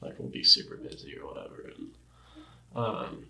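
Chill young dude talking surfing and work, lots of "like" and "bro", easygoing. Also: male voice, normal speed, sharp tone, reverberant, rough recording. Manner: laid-back surfer slang, many "like"s. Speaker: interview guest. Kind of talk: casual chat.

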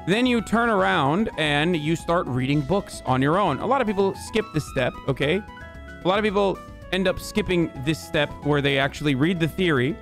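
A man in his thirties streaming, reacting and explaining in a rapid, profane, conversational way. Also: on the high side, fairly bright tone, soft background music. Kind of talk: live-stream reaction commentary.

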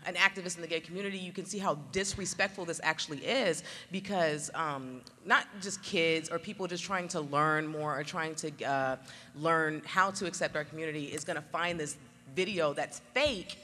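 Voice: mid-range voice, a little fast, pushed and bright. An activist speaking on a live panel with sassy, joking asides. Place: convention hall stage.

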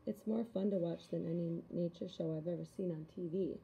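A woman reading a children's novel aloud in a calm, even narration. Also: on the low side, brisk, creaky, poor audio. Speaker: reader. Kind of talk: storybook read-aloud.

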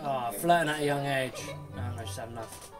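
A man's voice: mid-range voice, a little fast. A man bantering crudely while playing a co-op game. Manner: crude, jokey, swearing often. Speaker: gamer. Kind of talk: casual co-op gameplay banter. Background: loud game music.

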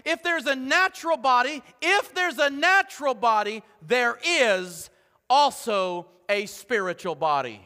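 Man, middle-aged pastor; animated sermon delivery with hushed asides, bright tone, long church echo. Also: extremely high pitch, unhurried. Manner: animated, joking asides, swings between loud and hushed. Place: church sanctuary. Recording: long hall reverb.

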